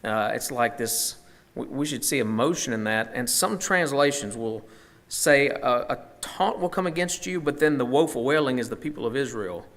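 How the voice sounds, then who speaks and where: A man's voice: medium pitch, normal speed, fairly bright tone. Guy teaching a bible study, chatty, lots of um and restarts, mid voice. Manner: conversational, thinking aloud with fillers and restarts.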